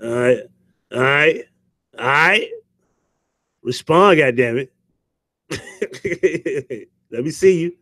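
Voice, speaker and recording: A man's voice: a little high, expressive, very slow, pauses often, bright, forceful tone, no echo. A man hosting a casual livestream who curses freely, jokes, and greets chatters by name. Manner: profane, joking banter, greets chatters. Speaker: livestream host.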